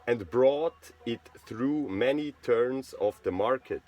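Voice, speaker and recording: A man's voice: medium pitch, slow, darkish tone. A man from Switzerland who speaks with a Swiss German accent, talking in a rambling casual monologue and often checking in with "right?". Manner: rambling, repeats words, asks "right?". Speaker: channel host.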